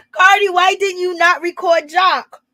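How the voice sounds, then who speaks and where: A woman's voice: very high-pitched, bright, forceful tone, dry recording. A woman hosting a gossip channel, chatting casually and teasing with frequent laughter. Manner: laughs often, sassy and teasing.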